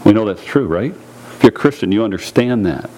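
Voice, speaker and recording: A pastor preaching a sermon in a church, earnest and direct, repeating key phrases and putting questions to the congregation. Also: male voice, fairly low pitch, expressive, fairly quick, mellow, a little hiss or hum, rough recording.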